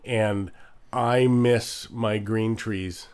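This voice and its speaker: A man co-hosting a podcast, talking in a halting, hesitant way, casual chat. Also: on the low side, steady tone, a little mellow, clear, resonant tone. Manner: halting, hesitant, lots of fillers. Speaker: podcast co-host.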